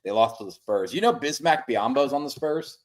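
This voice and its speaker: A man co-hosting a casual sports podcast, talking quickly at a mid pitch. He gets worked up and swears as he tells a story. He sounds like he is speaking into a home mic on a video call. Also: lively intonation. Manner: fast, worked-up, profane storyteller. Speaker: podcast co-host.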